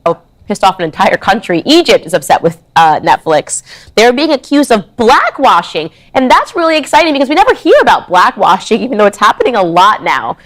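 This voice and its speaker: A woman's voice: medium pitch, very animated, brisk, a bit bright. A woman giving chatty, sarcastic opinion commentary, explaining her view at length. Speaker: online commentator.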